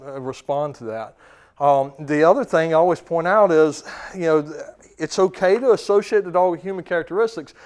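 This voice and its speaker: A man in his thirties gives a relaxed training seminar in a slightly high voice. He chats more than lectures, restarts sentences and tosses questions to the room. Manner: casual, quizzes the audience, many fillers and restarts. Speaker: dog trainer. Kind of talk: seminar talk to clients.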